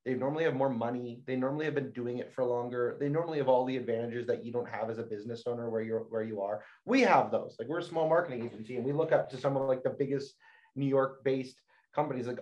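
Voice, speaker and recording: A man co-hosting a marketing meetup, giving energetic advice and often repeating words as he starts his sentences, over a video call. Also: mid-range voice, quick pace. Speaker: marketing agency co-host. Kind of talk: casual advice on a livestream. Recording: dull lo-fi video call audio.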